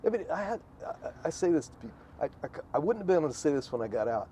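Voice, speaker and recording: Halting, stammering man being interviewed. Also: fairly high pitch, very animated, warm tone, slight background noise. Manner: halting, stammering, restarts often. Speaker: guest, former Marine. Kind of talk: casual interview conversation.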